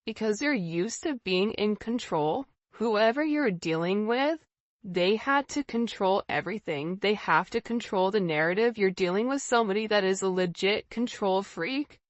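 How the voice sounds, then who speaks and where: A woman's voice: medium pitch, lively intonation, normal speed, dry recording. A woman giving a casual tarot reading, speaking earnestly and repetitively straight to the viewer. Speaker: tarot reader. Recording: slightly dull lo-fi sound.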